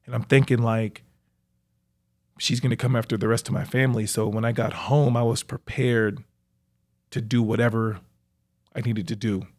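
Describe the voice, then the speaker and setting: A young man, a professional athlete, reflectively recounting his own life story in a halting way, with frequent fillers. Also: mid-range voice, steady tone, a little mellow. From United States. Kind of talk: personal storytelling.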